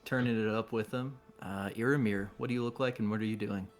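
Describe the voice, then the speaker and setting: A man's voice: on the low side, fairly even intonation, quick pace, faint music behind. A man narrating as game master with a laid-back, laughing, casually profane manner.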